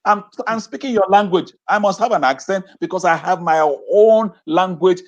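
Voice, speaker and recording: Speaking at a normal pace in a high voice, this man appears as an interview guest and educator on a video call, with the top frequencies of the recording cut off. He talks with real passion, repeating phrases and posing rhetorical questions.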